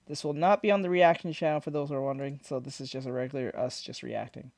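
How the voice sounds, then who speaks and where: A man hosting a reaction video, shouting and swearing at scary moments and mumbling his asides between them. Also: mid-range voice, fairly even intonation, fast, gravelly, dry recording. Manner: loud swearing outbursts and screams, then mumbling asides. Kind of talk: casual reaction commentary. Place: home recording room with foam treatment. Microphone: desk microphone.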